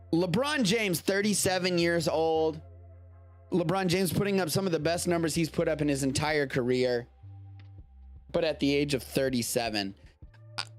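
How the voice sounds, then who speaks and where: Rambling American man hosting a live stream. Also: a little high. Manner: rambling, self-interrupting, swears casually. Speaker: live-stream show host. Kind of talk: casual live-stream news chat.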